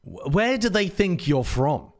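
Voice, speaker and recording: Sweary Englishman bantering, lively pitch. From Britain. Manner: sweary, joking, quick banter. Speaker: watch party co-host. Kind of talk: casual chat.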